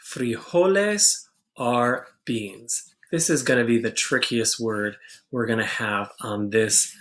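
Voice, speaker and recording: A man teaches a vocabulary lesson in an unhurried, deliberate way, drawing out each word. He is patient and clear, repeating terms so students can write them down. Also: medium pitch, fairly bright tone. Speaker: Spanish teacher. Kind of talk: classroom-style vocabulary lesson.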